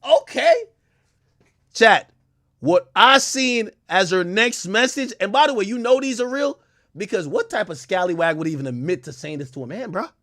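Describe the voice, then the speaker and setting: Young man, live-stream commentary, high voice, very lively pitch, loud reactions. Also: moderate pace. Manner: animated, loud outbursts, reads texts aloud with reactions. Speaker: streamer reading messages to chat.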